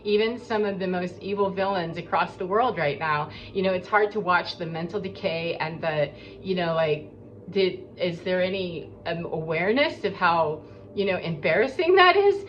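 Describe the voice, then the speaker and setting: A woman's voice: lowish voice, fairly even intonation, normal speed. A woman giving an earnest, rambling spiritual monologue as a coach, talking in a preachy way. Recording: dull lo-fi with faint background noise.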